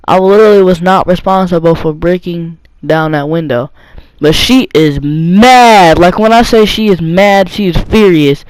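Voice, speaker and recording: A man's voice: sits high, clear, resonant tone, no echo, low-quality recording. A young teenage boy telling a rambling personal story, with lots of fillers and restarts. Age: young teen. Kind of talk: casual storytime monologue.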